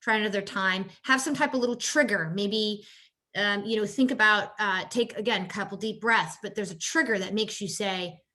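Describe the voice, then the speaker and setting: A woman's voice: moderate pace, bright, forceful tone. Conversational woman giving a coaching workshop. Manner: conversational, frequent "you know" and "right?" tags; acts out quoted exchanges in a higher voice. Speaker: holistic health coach. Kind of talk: workshop presentation on caregiver stress.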